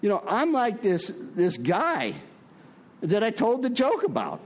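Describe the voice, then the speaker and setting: An older man from Prescott, Arizona shares his story at a recovery meeting in a folksy style full of fillers, his voice climbing when he preaches. It is high-pitched with huge pitch swings and a slightly slow delivery.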